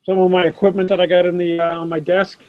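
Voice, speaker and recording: At a quick pace and with barely any change in pitch, a high-voiced middle-aged man runs a live sports card stream from his desk at home, with no echo. He chats casually and calls viewers by name, and the laptop's built-in camera mic delivers dull, dry sound.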